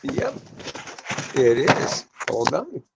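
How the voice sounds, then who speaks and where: A man's voice: fairly high pitch, huge pitch swings, drawn-out words, creaky, noisy background. A man hosting a show in casual chat, chatty and crude, swearing freely. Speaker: host. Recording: dull lo-fi dry recording.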